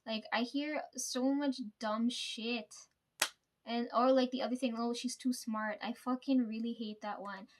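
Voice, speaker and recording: A woman's voice: on the high side, steady tone, a little slow, background noise. A young woman from Canada, venting in a casual monologue, blunt and swearing a lot, tagging sentences with "right?". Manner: blunt, heavy swearing, constant "right?" tags. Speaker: vlogger.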